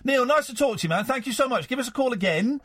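A male radio host banters with callers and fires off quick, teasing jabs. His voice sits high and swings widely in pitch. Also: expressive, a bit bright, slightly rough, dry recording, studio quality. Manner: teasing, quick mock insults.

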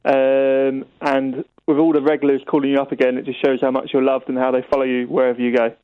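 A male caller phoning into a radio show, quick and friendly. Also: medium pitch, little pitch movement, clean tone, dry recording. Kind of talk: phone-in call. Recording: tinny phone line.

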